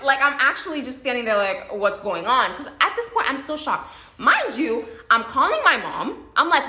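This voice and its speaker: A young woman recounts a story to the camera in a high, bright, very lively voice. Her chatty delivery swings up and down as she acts out what people said. The room gives her voice a noticeable echo. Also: fairly quick. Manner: animated, chatty, laughs often, acts out quotes. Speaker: vlogger. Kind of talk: casual storytime. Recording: echoey room.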